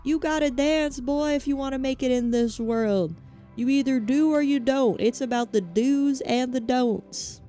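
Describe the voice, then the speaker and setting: A woman with a Southern American accent voicing a harsh, hard-driving male coach who barks orders at his protege in a loud, raised voice. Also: a little slow, faint music behind. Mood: barking. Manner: high, loud, barking drill-sergeant yelling.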